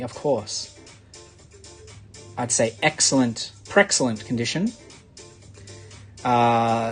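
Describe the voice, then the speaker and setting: Australian male live-sale host, mid-pitched, chatty and filler-heavy, faint music behind. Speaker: live-stream shopping host. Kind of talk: live sales stream chat.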